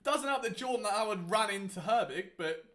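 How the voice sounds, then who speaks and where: A young man talks through a live game as he watches, sarcastic and exasperated. He swings from loud outbursts to low mutters. His speaking voice sits fairly high for a man. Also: lively intonation, normal speed. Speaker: sports watchalong host.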